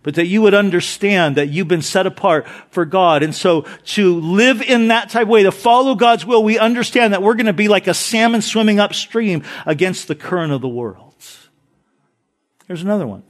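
A middle-aged pastor with a fairly high voice delivers a sermon from the pulpit. He moves between reading scripture and telling light, joking stories, keeping the congregation engaged. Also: normal speed. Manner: animated storytelling with jokes and scripture reading.

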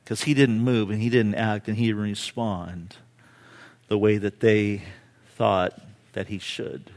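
A man preaching a sermon with personal stories, impassioned, swinging from hushed to loud and pleading. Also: on the low side, fairly even intonation, a little slow. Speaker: pastor.

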